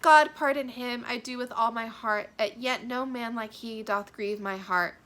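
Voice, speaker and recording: A lovesick young girl speaks in heightened, emphatic verse, read aloud by a woman. Her voice is bright and ringing, and she stresses each word with feeling. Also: fairly high pitch, measured pace. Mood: guarded. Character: young lovesick girl, Juliet, anguished and passionate. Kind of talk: dramatic reading of a play.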